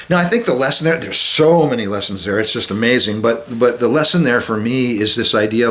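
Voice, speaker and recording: Conversational chaplain man, soft solemn drops. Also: lively intonation, normal speed. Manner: conversational, with many restarts and fillers; acts out Bible quotes, drops soft and low at solemn moments. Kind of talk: informal devotional talk.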